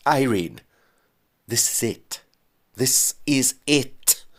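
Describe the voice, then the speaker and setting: A deep-voiced man plays a panicking businessman ex-husband in a spoken story, doing a full character voice that's gaspy, raspy, and strained. It comes out frantic and breathless, yet also sing-song, very slow, and a bit bright.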